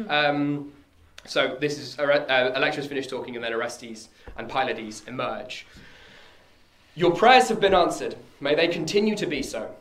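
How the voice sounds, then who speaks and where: A man giving a measured, solemn dramatic verse reading. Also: medium pitch, bright, forceful tone, slight background noise. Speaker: reader. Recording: echoey room.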